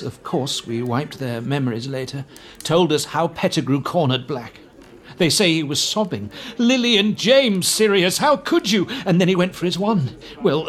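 An actor playing a fussy, self-important middle-aged government minister recounting events earnestly. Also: male voice, fairly high pitch, close to an everyday voice. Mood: consoling.

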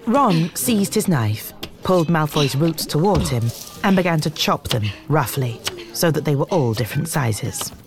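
Woman reading a storybook, low deep voice, steady and expressive, soft music under. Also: a little slow. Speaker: audiobook narrator. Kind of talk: storybook narration.

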